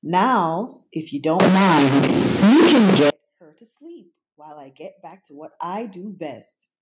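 Lady doing gruff bossy monster boy, growly, storybook voice. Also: lowish voice, big pitch swings, darkish tone, slight background noise. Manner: growling, brisk.

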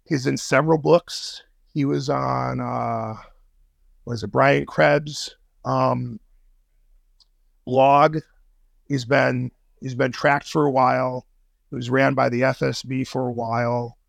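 A man's voice: medium pitch, flat delivery, slow, creaky, no room sound. A man as a podcast guest in casual interview chat, slangy and profane, with many fillers and restarts. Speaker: podcast guest, intelligence analyst.

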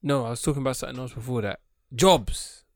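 A man's voice: mid-range voice, fast talker, no echo, studio quality. A young man with a British accent co-hosting a casual podcast, laughing often and bantering bluntly. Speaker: podcast co-host. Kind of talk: casual chat.

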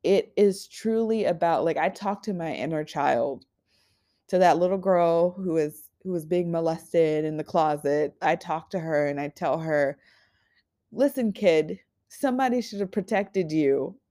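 With a low, mellow voice, this twenty-something woman hosts a podcast and speaks candidly and rawly about herself, often stopping to restart and swearing openly.

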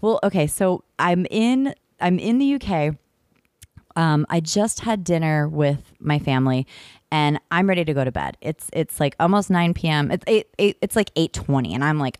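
A woman hosting a podcast in casual chat, telling stories in a rambling, animated way full of fillers and restarts. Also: low voice, normal speed, no room sound, studio quality. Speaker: podcast host. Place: in the UK, visiting family.

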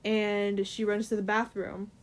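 A woman's voice: mid-range voice, level tone, a little slow. A woman in casual chat, retelling a comic's story in a loose, filler-heavy way full of "like" and "um".

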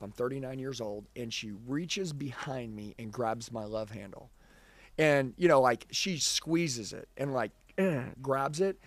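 A man's voice: mid-range voice, no room sound. A man in his forties, a sales trainer, giving an intense, emphatic motivational talk full of personal storytelling.

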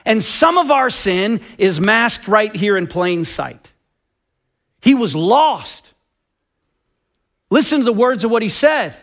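A man's voice: high-pitched, very animated, takes it slowly, pauses often, a bit bright. A man preaching a sermon with passion and emphasis, often acting out quoted dialogue. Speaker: pastor.

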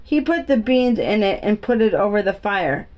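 A woman's voice: medium pitch, very animated, moderate pace, darkish tone, highs cut off. A woman reading a children's book aloud, steadily, with small slips and restarts. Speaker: reader.

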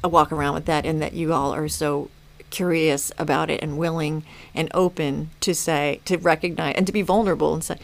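A woman's voice: low voice, fairly even intonation, brisk, gravelly, few pauses. A woman in her fifties, a mother speaking as a podcast guest, reflective and earnest with frequent restarts. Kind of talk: casual podcast conversation.

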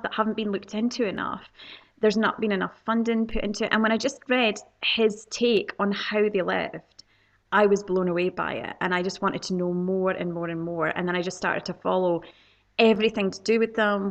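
A Scottish woman speaking as a podcast guest, enthusiastic and rambling, with plenty of fillers. Her middle-pitched voice has a gravelly, fry-tinged texture. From Scotland. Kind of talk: podcast interview.

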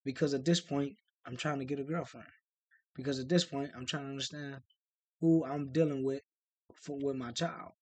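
A podcast co-host chats casually, speaking bluntly and profanely while telling stories in an animated way. His voice is medium-pitched at a moderate pace, with no echo.

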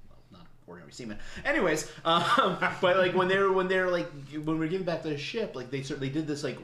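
A man chatting on a podcast as the guest, telling lively stories and mimicking other people's voices. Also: medium pitch. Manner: animated storyteller, mimics voices, laughs often. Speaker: guest brewery founder. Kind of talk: casual podcast chat. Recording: roomy echo.

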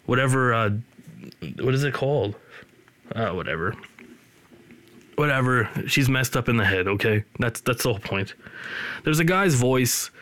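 A man's voice: mid-range voice, a bit bright. Rambling, joking male podcast host. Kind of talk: casual chat. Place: his studio.

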